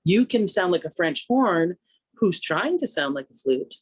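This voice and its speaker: A woman singer from Canada talking through her craft in a relaxed radio interview, reflective and conversational, lifting her pitch when she quotes herself. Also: unhurried, husky, dry recording. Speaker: singer and vocal coach, interview guest.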